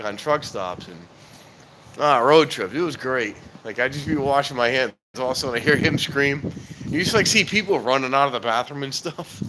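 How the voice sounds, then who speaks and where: Guy rambling on a phone livestream, roomy echo, lots of noise behind him. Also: mid-range voice. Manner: rambling, joking, keeps promising to wrap up. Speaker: livestream host. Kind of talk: casual live stream chat. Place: outdoors on a cold night, then inside an elevator. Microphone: handheld phone.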